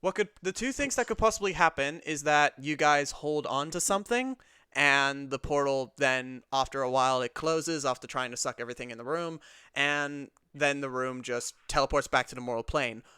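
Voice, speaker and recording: A man's voice: mid-range voice, normal speed, bright, forceful tone, clean tone, dry recording, clean studio sound. A man running a tabletop game as dungeon master, explaining rulings step by step.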